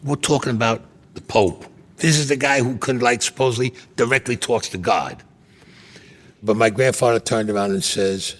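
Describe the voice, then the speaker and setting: A man's voice: medium pitch, moderate pace, a bit bright. A man, telling a story bluntly and profanely in an interview. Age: 70s. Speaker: interview guest.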